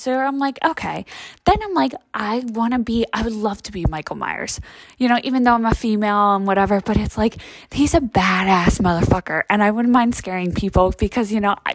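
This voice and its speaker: A woman's voice: mid-range voice, no room sound. Rambling, foul-mouthed woman in her thirties. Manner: rambling, profane, heavy use of "like" and "you know". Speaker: vlogger. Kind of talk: casual rambling chat.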